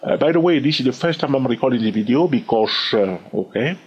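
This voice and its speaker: A husky man with a French accent walks viewers through a trading chart. His pitch moves a lot, and he keeps checking in with "yes or no?" He skips steps with "blah, blah.". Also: expressive, a little fast, muffled recording. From France. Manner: repetitive, asks "yes or no?" often; says "blah, blah" to skip steps. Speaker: trading educator. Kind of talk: screen-share chart lesson.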